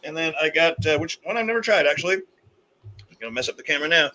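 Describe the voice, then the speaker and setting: A man's voice: fairly high pitch, expressive, fast, bright, forceful tone. A man chatting upbeat and casually as a guest on a live video call, with playful exclamations. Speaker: guest on a live beer show. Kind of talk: casual live-stream chat.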